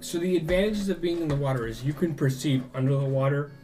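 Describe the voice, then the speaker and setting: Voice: medium pitch, quick pace, mellow, soft background music. A game master narrating a tabletop game with a rambling, filler-heavy delivery. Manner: rambling, many "like" and "um".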